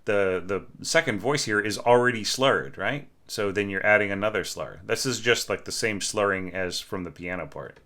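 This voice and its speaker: A man's voice: fairly low pitch, moderate pace, hardly any pauses, pushed and bright. A man teaching orchestration, critiquing a student score in a conversational way, humming phrases and often asking "right?".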